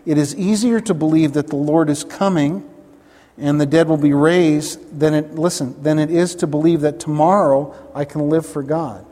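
A male pastor delivers a conversational sermon, often pausing to check in with his listeners. His voice sits a bit high for a man. The sound hangs in a long reverb, as in a large hall. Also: fairly even intonation, mellow. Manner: conversational preaching with frequent "right?" asides.

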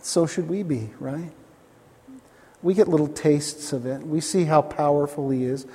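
Guy preaching a sermon, kinda high voice, lots of "right?" asides, long hall echo behind him. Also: steady tone, unhurried, dark tone, breathy edge. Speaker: pastor.

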